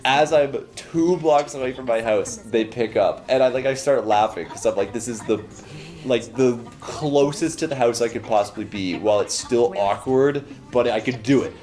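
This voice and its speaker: A man's voice: mid-range voice, normal speed, a little mellow, soft background music. A young man from Canada, co-hosting a podcast, telling a story in casual chat. He swears freely and acts out the voices of the people he quotes. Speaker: podcast co-host.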